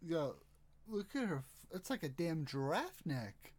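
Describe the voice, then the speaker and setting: A man's voice: fairly high pitch, very animated, measured pace, crowd noise. A man doing let's-play commentary, crude, joking and exasperated. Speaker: gameplay streamer.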